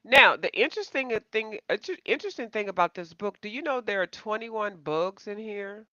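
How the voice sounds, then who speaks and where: Bright, rambling woman chatting to viewers. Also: medium pitch, lively intonation, moderate pace, dry recording. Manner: self-deprecating. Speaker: coloring channel host. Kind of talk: casual live-stream chat. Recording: slightly dull, dry home recording.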